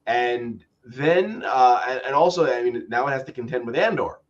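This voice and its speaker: A man with a stuffy nose from allergies co-hosting a review podcast, talking in a halting way with many restarts. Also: medium pitch, highs cut off. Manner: halting, many repeated starts. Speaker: podcast co-host. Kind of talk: casual review chat.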